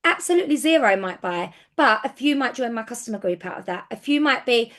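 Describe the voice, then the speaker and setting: Woman, sales team leader, excitable chatty coach, slightly high voice. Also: fairly quick, few pauses. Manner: chatty and excitable, with frequent restarts. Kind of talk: casual business coaching talk.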